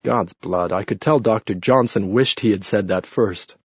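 A man's voice: lowish voice, moderate pace, slightly rough, dry recording. A man voicing a bitter, witty redheaded Englishman who talks dryly and mournfully. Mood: sardonic. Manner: dry, mournful, sardonic. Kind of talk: audiobook character reading. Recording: muffled lo-fi recording.

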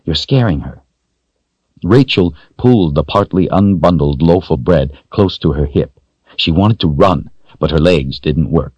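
Deep husky male audiobook narrator. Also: no echo. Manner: steady measured storytelling. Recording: dull dry lo-fi recording.

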